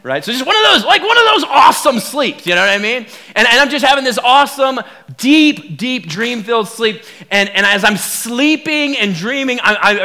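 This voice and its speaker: A male pastor delivers a sermon as a lively personal story. His voice sits high and bright, leaping up and down as he acts out the quoted lines. He talks in restless bursts, repeating words and filling gaps with fillers.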